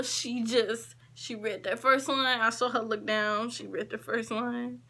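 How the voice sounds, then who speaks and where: A woman vlogger telling a story in a casual, emphatic way, acting out what people said and shifting between quick and drawn-out phrases. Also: a little high. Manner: emphatic, animated retelling with quoted dialogue.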